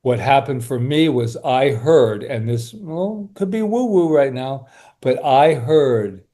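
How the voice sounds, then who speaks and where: A man speaking as an interview guest who leads workshops, talking reflectively and earnestly, often slowing down and going quiet. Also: medium pitch, lively intonation.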